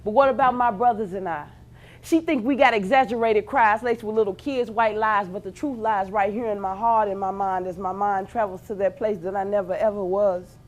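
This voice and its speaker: Woman, thirties, Memphis Southern accent; spoken-word poet, intense delivery, hushed lows and shouted highs. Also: steady tone, normal speed. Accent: Memphis Southern American. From Memphis, Tennessee. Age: 30s. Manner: intense, swinging from hushed low lines to shouted peaks. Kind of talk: spoken-word poetry performance.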